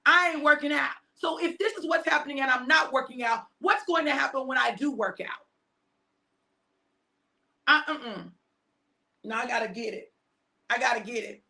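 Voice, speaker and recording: A woman in her fifties hosting a live stream, giving a casual motivational talk to her viewers. She speaks with heavy repetition and emphasis, preaching at times and dropping into hushed asides. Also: sits high, normal speed, gravelly, long pauses. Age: 50s.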